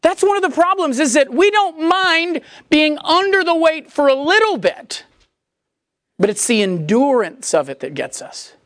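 Lively, high-voiced woman preaching. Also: a little slow, dry recording, clean studio sound. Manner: animated, conversational preaching that acts out quoted voices. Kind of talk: sermon.

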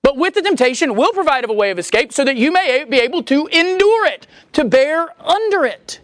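A woman preaching a sermon in a conversational, animated way, acting out the voices she quotes. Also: high-pitched, a little fast.

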